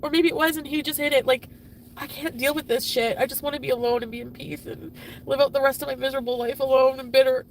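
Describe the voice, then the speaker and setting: A woman venting profanely on a livestream, swinging between shouting and muttering. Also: high voice, fairly even intonation, fast, creaky, recorded from a distance, slight background noise. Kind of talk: emotional livestream rant.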